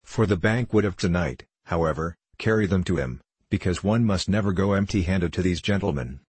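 A man's voice: sits low, a little fast, darkish tone, husky, no room sound. A man reading Agnes, a bustling old village mother. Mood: advising. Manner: motherly, advising. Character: older village mother, bustling and self-assured.

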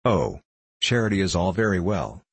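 A man's voice: low-pitched, very animated, normal speed, husky, no echo, full character voice. A man voicing a self-satisfied, grumbling middle-aged prison governor in an audiobook, long-winded and complaining. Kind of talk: audiobook dialogue reading.

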